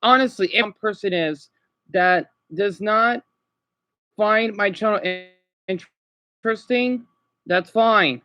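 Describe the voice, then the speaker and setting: Rambling through an unscripted livestream from home, this man has a high, bright, sharp-edged voice. Upset and worn out, he halts, repeats himself, restarts often and keeps asking "okay?". The sound is close, dry and dull, with no room echo.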